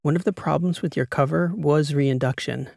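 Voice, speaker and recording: A man voicing a calm, businesslike woman spy handler. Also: on the high side, gravelly, dry recording, clean studio sound. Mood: matter-of-fact. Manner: measured, matter-of-fact delivery. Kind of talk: audiobook character voice.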